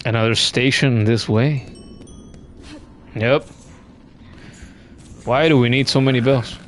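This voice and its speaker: A man's voice: mid-range voice, steady tone, slow, slight background noise. A young man streaming a game, chatting casually with his chat, sarcastic and swearing freely. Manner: sarcastic, profane, talks to chat. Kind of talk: casual gaming stream commentary.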